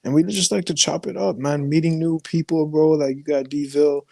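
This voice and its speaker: A man from Jamaica chatting as a guest on an online sports show, earnest and a little rambling. His voice is fairly high for a man, and it sounds dry and close with no room echo. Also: steady tone, moderate pace, gravelly, warm tone. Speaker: guest panelist. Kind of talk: casual sports chat.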